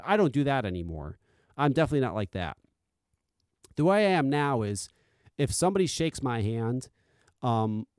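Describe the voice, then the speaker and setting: Man, podcast host, casual solo rant, profane, blunt, animated pitch, dry close sound. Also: smooth, dry recording. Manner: blunt and profane, swings between loud insistence and quiet confiding.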